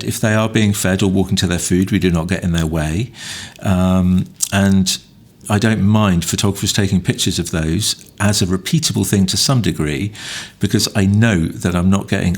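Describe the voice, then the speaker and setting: Sex: man. Role: podcast co-host and wildlife photographer. Style: casual podcast chat. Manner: blunt, opinionated, exasperated. Pitch: fairly low.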